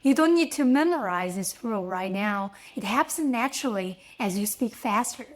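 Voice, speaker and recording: A woman whose first language is Mandarin, teaching pronunciation in a scripted lesson. She speaks English with small grammar slips and says each example sound twice, slowly and clearly. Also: fairly high pitch, lively intonation. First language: Mandarin Chinese.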